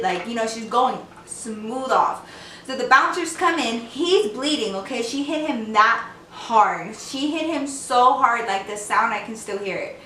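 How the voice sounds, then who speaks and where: A woman's voice: on the high side, distant mic, slight background noise. A young woman telling a story to her camera in a casual, slangy way, acting out what people said. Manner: animated, slangy storyteller who acts out quotes. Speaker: vlogger. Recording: echoey room, voice a bit off mic.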